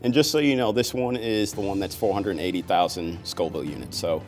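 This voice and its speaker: Laid-back low-voiced male host. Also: fairly quick, a little mellow, soft background music. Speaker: host, enrollment advisor. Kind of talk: casual hosting.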